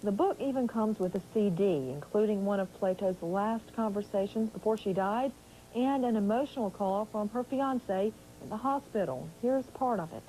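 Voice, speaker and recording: A woman TV news anchor introducing a story and questioning guests in a measured, composed way. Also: mid-range voice, expressive, dark tone, slight background noise, poor audio. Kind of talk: news presenting and live interview.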